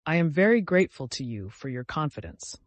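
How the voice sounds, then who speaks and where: A man's voice: on the high side, big pitch swings, no echo. A man playing a frigid, formal official husband. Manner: cold, formal, measured. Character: stiff, frigid middle-aged official husband.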